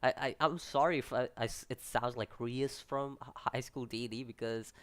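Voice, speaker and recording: Here a man with a non-native English accent chats animatedly about an anime episode, rambling as he goes. He stumbles over names, backs up to restart sentences, and speaks at medium pitch and a moderate pace.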